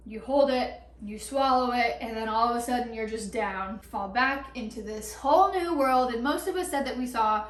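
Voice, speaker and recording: A young woman telling a story in a casual vlog, chatty and animated, with lots of "like" and quick laughs. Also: a little high, distant mic. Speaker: vlogger. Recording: echoey room, a bit off-mic.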